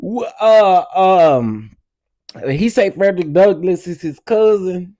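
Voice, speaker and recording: Lively laughing male commentator. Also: sits high, takes it slowly. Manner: laughs often, talks straight to viewers. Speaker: host. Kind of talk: casual commentary.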